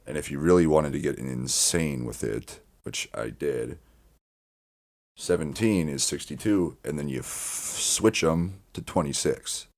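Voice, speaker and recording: A man's voice: extremely low pitch, a little slow, hardly any pauses. A man hosting a podcast, talking in a meandering casual monologue full of restarts and swearing. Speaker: podcast host.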